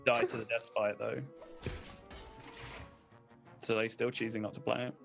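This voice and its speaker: A man's voice: medium pitch, little pitch movement, a little slow, gravelly, fairly bright tone, soft background music. A man casting a live card game tournament, explaining plays at length with lots of casual fillers. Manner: analytical, filler-heavy explaining. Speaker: esports caster.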